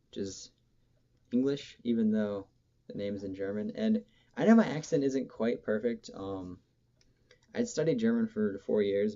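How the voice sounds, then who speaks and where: A man's voice: on the low side, warm tone, lo-fi sound. A man giving a casual, rambling monologue as a music commentator, hesitant and full of ums, often correcting himself mid-sentence.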